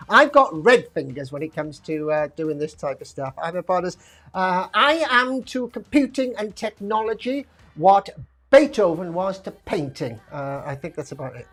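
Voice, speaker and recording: A quiz host reading out multiple-choice questions on a live stream. The delivery is chatty and self-mocking, wandering into rambling asides before coming back to the next question. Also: medium pitch. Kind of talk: casual live-streamed pub quiz hosting.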